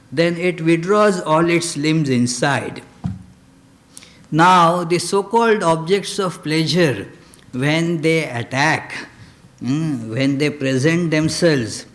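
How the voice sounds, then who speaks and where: Male swami lecturer, slightly higher-pitched voice, slow hesitant delivery with frequent fillers. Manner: lapses into chanted Sanskrit verse. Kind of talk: spiritual lecture.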